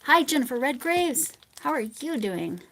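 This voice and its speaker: A woman's voice: sits high, big pitch swings, measured pace. Chatty rambling American woman host. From United States. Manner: chatty and rambling, drifting into soft mumbled asides. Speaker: livestream host. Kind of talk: casual live chat reading viewer comments.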